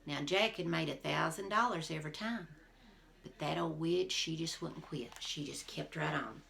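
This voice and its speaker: A woman teacher reading a folk tale aloud to her class, expressive and talking to the listeners directly. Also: deep voice, normal speed, gravelly. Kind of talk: storybook read-aloud for a class.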